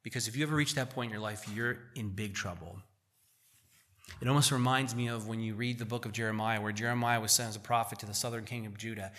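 A man, a pastor, preaching a sermon in a church, reading verses slowly and explaining them in casual asides. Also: on the low side, steady tone, a bit bright.

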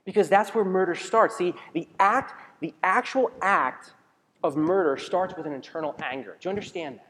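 A man's voice: sits high, normal speed, a bit bright. A man preaching a sermon as a pastor in a conversational way, asking the congregation questions and often restarting his sentences. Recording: long reverb of a large hall.

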